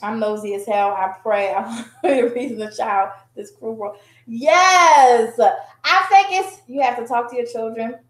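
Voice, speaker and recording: A woman's voice: a little high, fairly even intonation, normal speed, darkish tone, reverberant. A middle-aged woman on a talk show panel, telling a story from home in a casual, emphatic way.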